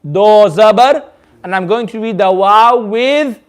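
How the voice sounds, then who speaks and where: A man with a notably high voice leads a group tajweed class. He explains each rule patiently and repeats it often. He stretches the recited words out slowly for the class to follow. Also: clean tone. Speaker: Quran recitation teacher. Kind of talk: tajweed lesson with call-and-response recitation. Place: community centre classroom.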